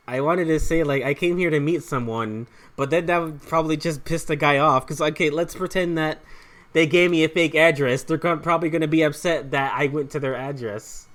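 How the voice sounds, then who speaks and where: A young male gaming host with a fairly high, slightly bright voice rambles casually through a story over gameplay. He swears a lot and is full of fillers and restarts.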